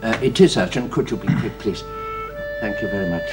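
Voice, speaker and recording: An actor playing a polite, flustered elderly English gentleman who speaks formally and hesitates often. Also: on the low side, expressive, fairly quick, music in the background, lightly acted. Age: older. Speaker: grandfather of the household. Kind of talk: 1930s period radio drama.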